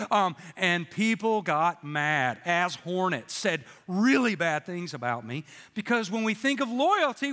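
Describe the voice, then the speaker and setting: A man's voice: high voice, pushed and bright, in a large hall. A middle-aged man, a pastor, preaching a sermon in a church in a folksy storytelling way with jokes. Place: church sanctuary with congregation.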